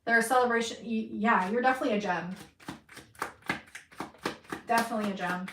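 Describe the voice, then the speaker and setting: A woman's voice: fairly high pitch, a little fast, reverberant, far from the mic, background noise. A woman giving an intuitive reading to a viewer, emphatic and encouraging, swearing freely for emphasis. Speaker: tarot reader.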